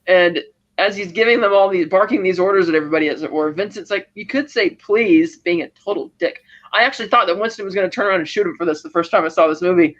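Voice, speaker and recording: A man co-hosting a podcast talks fast in a rambling, chatty retelling. His voice sits high for a man. The podcast audio is dull and lo-fi. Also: a bit bright. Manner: rapid, rambling retelling full of laughs. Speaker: podcast co-host. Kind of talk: casual movie recap chat.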